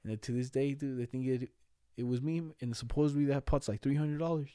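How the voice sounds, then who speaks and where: A man's voice: medium pitch, fairly even intonation, fast talker, warm tone, clean tone, no echo, studio quality. A young man telling stories in casual chat, slangy, laughing as he goes and swearing a lot.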